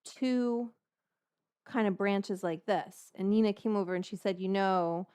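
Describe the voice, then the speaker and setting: A woman's voice: medium pitch, unhurried, clean tone. Rambling, chatty woman host. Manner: rambling, animated storytelling with many restarts. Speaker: cooking show host. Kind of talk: casual chatty cooking vlog.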